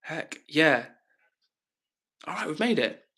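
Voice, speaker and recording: Man, live streamer, upbeat chatty delivery, bright tone, slightly high voice. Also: expressive, slow pace. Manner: upbeat, chatty, reads out viewer comments. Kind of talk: casual live-stream chat.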